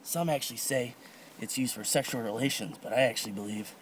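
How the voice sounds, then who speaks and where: A man's voice: mid-range voice, quick pace. Young man playing a mock lizard expert. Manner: casual, confident mock-expert talk. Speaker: mock nature guide. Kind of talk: goofy nature-show parody. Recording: outdoor camera audio with noise.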